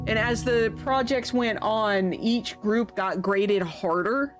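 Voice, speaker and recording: Woman streamer reading a game out loud, chatty, jumps up in pitch a lot, music playing behind. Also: measured pace, few pauses. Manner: chatty, animated storytelling with sudden pitch jumps. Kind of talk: casual stream commentary, reading game text aloud. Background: background music.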